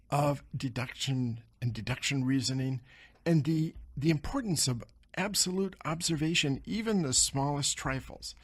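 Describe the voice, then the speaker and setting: A man hosting a radio show, telling a story in a conversational, self-deprecating way from a radio studio. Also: mid-range voice. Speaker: radio show host and financial adviser.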